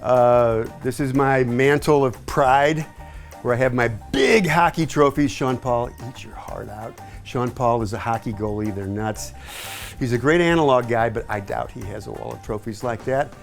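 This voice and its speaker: A man's voice: mid-range voice, moderate pace, creaky, faint music behind. A man in his sixties from East Tennessee, a hi-fi sales associate giving a chatty, rambling home tour with folksy asides. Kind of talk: casual home tour chat.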